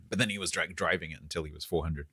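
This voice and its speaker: A man casually chatting to his viewers while playing a game on a live stream, rambling in a relaxed way with chuckling asides. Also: low-pitched, brisk, husky, no echo, clean studio sound.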